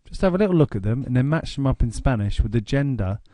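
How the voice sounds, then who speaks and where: A man with an English accent narrating a grammar lesson, explaining slowly and deliberately. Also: medium pitch, expressive, mellow, dry recording. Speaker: language teacher.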